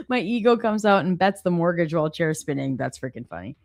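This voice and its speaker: Low-voiced chatty woman streamer. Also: animated, moderate pace, gravelly, darkish tone, no room sound, studio quality. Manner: chatty, laughs often, filler-heavy. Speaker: livestream host. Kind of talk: casual live-stream chat reading comments.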